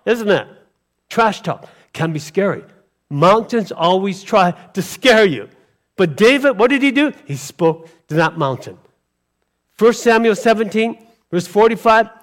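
A man's voice: high voice, big pitch swings, unhurried. A male pastor preaching a sermon emphatically, with rhetorical questions and call-and-response to the congregation.

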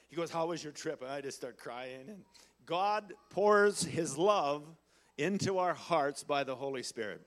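A man in his sixties from Canada preaching a sermon in a folksy storytelling manner, building to loud exhortations. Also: mid-range voice. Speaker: guest preacher and missionary.

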